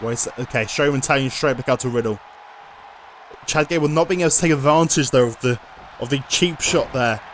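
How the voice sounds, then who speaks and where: A man giving lively play-by-play commentary over a wrestling video game, often bursting into loud excited shouts. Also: mid-range voice, a little fast, slight background noise.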